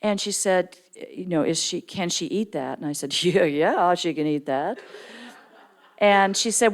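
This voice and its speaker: A middle-aged woman giving a storytelling sermon in church, jumping into lively character voices for quoted people. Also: moderate pace. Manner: animated storyteller, acts out quoted voices with big pitch jumps. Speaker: guest speaker at church. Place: church sanctuary.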